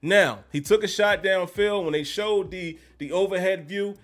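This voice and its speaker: A man hosting a live-streamed football recap, animated and emphatic, repeating phrases to drive his points home. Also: high voice, normal speed. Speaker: sports commentary host.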